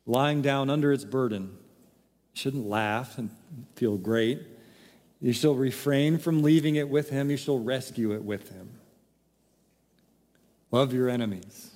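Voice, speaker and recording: A man's voice: medium pitch, unhurried, pauses often, a little mellow, in a large hall. A man preaching a sermon, emphatic and full of rhetorical questions. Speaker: pastor.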